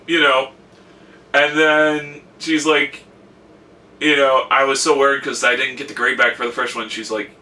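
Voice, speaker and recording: Chatty young man, bright voice. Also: on the low side, far from the mic, a little hiss or hum. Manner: chatty storytelling with quoted asides. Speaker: college student vlogger. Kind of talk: casual vlog chat.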